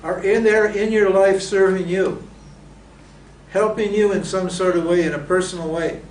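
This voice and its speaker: A man's voice: high-pitched, fairly even intonation, moderate pace, a little mellow, a little hiss or hum. Man teaching in a roomy hall. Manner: asks rhetorical questions and answers them. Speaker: Vedanta teacher. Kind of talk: lecture to students. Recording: roomy echo from a distant mic.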